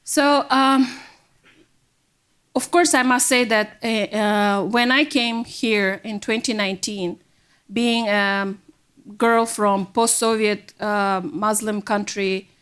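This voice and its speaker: A woman's voice: medium pitch, fairly even intonation, a bit bright, clean tone. Earnest woman from Kyrgyzstan. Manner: earnest, emotional, halting non-native phrasing. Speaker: panel speaker. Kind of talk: personal testimony at a public event. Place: university event hall.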